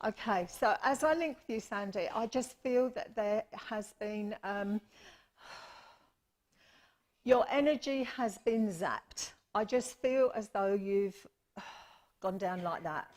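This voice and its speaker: A woman's voice: mid-range voice, takes it slowly, darkish tone. A woman medium giving readings at a church service, chatty and affectionate, often calling people her lovely and apologising. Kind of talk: live mediumship demonstration.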